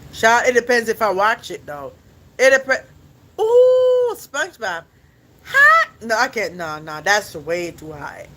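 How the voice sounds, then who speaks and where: A man's voice: high voice, fairly bright tone, slight background noise, rough recording. A young man hosting a podcast, chatting casually with his viewers in a rambling, playful way and laughing often. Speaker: podcast host.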